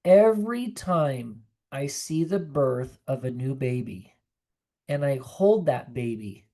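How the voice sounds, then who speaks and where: A woman's voice: extremely low pitch, animated, slow pace, mellow. A woman nurse practitioner giving an earnest, conversational online presentation to caregivers over a video call, sometimes acting out the voices of the people she quotes.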